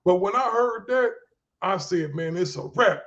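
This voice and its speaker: A man's voice: sits high, expressive, moderate pace, a bit bright, lo-fi sound. A man co-hosting a casual interview and chiming in with chatty reactions. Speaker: co-host.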